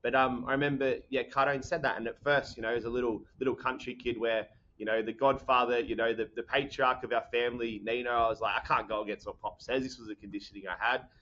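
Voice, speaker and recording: A young Australian man, a podcast guest, talking in an energetic, rambling way with lots of fillers. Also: mid-range voice, fast talker, few pauses, highs cut off. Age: young adult. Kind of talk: casual podcast chat.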